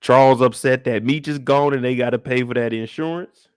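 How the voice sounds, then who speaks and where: A mid-pitched man with hosts an episode breakdown in a lively, animated way. He slips in and out of quick impressions of the characters as he talks. The sound is close and dry, with no room around it. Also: clean tone, dry recording. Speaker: show recap host.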